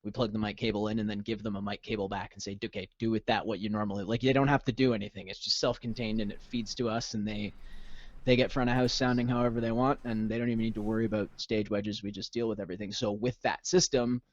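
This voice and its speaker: A man's voice: on the low side, little pitch movement, quick pace, dull audio. A man chatting casually as a podcast guest, enthusiastic and rambling, with many restarts. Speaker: musician guest.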